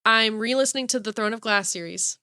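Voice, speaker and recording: A bubbly, gushing woman chats casually on a podcast, her voice pitched a bit high. The sound is dry and close to the mic, with no room around it. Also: a little fast, bright, forceful tone, no echo. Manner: bubbly, gushing, many fillers like "like". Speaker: podcast co-host. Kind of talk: casual chat.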